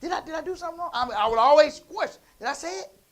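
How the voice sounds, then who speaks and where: A man preaching in a church, telling a family story in a conversational way that moves from quiet asides to loud emphasis. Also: very high-pitched, animated, rapid-fire. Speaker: pastor. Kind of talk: storytelling sermon.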